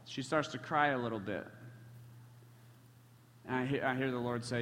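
A man's voice: mid-range voice, animated, normal speed, pauses often, pushed and bright, slight background noise. A man preaching a sermon, telling stories and joking with the congregation. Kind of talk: sermon storytelling. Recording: long hall reverb.

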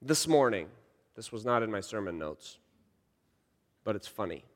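A man in his thirties preaching a sermon, telling a story and swinging from hushed lines to shouts. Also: lowish voice, sing-song, normal speed. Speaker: pastor. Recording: long reverb of a large hall.

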